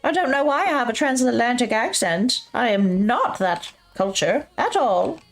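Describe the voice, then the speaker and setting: A woman's voice: a little high, animated, normal speed, soft background music, pitched above the performer's own voice. A woman voicing a sweet, innocent-acting little old lady who speaks in a prim transatlantic accent. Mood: mock-innocent.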